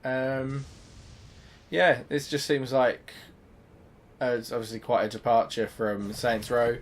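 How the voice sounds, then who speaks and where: A man's voice: mid-range voice, flat delivery, slow pace. A young man giving casual gameplay commentary as a gaming host, chatty and thinking aloud, swearing freely. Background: game sounds and music.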